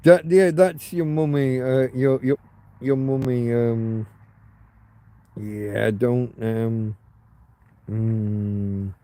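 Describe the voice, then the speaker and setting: A man's voice: medium pitch, fairly even intonation, drawn-out words, long pauses, warm tone. A man from England casually chatting with his livestream audience from home, rambling and swearing, trailing off with ums, with hiccups. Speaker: livestream host.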